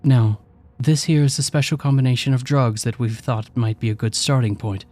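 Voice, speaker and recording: A man voicing a calm, clinical female lab doctor who explains things matter-of-factly. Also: medium pitch, normal speed, faint music behind, lightly acted.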